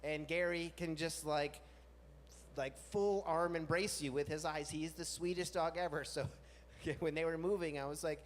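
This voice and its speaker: A man's voice: steady tone, normal speed. Self-mocking man telling a story onstage. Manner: chatty, self-mocking, jumps into high silly voices for quoted bits. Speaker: host. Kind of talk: live storytelling on stage. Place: large music venue with live audience. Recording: long venue reverb, faint room noise.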